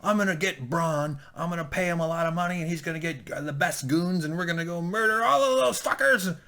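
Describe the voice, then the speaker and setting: A man's voice: on the high side, fairly quick, bright, forceful tone, pitched above the performer's own voice. A man voicing a furious, scheming knight who rants and swears. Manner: profane ranting.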